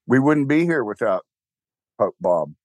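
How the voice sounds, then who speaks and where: A man's voice: medium pitch, big pitch swings, a little slow, no echo. An older man with a Texan accent, rambling wryly in a casual interview chat, full of restarts and fillers. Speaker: guest, church co-founder.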